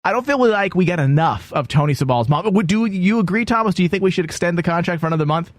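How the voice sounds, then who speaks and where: A man's voice: sits high, animated, fast talker, no echo. A man hosting a comedy podcast, joking crudely and laughing often while sick. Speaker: podcast host. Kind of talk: casual comedy banter.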